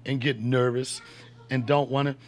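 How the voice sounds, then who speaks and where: Speaking at medium pitch, in a level tone and at normal speed, a comedian in his 50s hosts a podcast. He chats casually, spinning slangy, jokey stories.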